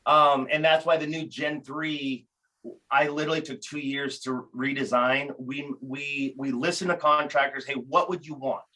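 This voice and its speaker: A man talking casually as a podcast guest, telling animated stories with frequent restarts. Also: mid-range voice, unhurried, rough recording. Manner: animated storyteller, many restarts. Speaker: guest, tool company founder.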